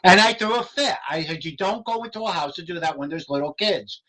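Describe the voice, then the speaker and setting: An older man telling stories on a podcast in a lively way, laughing often and acting out what others said. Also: sits high, a little fast, a crowd in the background, rough recording. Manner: animated, laughs often, acts out quotes. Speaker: paranormal investigator guest. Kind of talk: casual storytelling.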